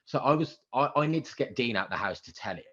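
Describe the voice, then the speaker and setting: A man in his thirties, a radio presenter, telling animated stories as a podcast guest and acting out the quotes. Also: mid-range voice, quick pace, highs cut off. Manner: animated anecdotes with acted-out quotes and excited outbursts. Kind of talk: casual interview storytelling.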